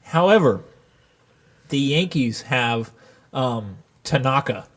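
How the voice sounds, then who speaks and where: A man's voice: mid-range voice, expressive, slow, a bit bright. A man co-hosting a casual podcast chat and earnestly explaining his sports predictions. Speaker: podcast co-host.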